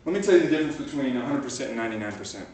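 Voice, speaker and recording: A man's voice: medium pitch, lively intonation, racing, a little mellow, slight background noise. A man giving a motivational talk to a live group, telling stories and building to pumped-up exhortation, recorded from a far camcorder. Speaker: motivational speaker. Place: large room with a live group. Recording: echoey room from a far camcorder.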